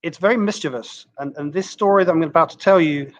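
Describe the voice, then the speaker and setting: A man's voice: a little high, fast. English man from southwest London, lo-fi. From England. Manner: easygoing, dry humor. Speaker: guest, comedy club manager. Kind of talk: casual interview.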